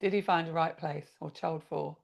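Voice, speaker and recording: A woman's voice: sits low, fairly even intonation, normal speed, creaky. A woman hosting a podcast who asks probing, encouraging questions. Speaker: podcast host. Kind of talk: podcast interview.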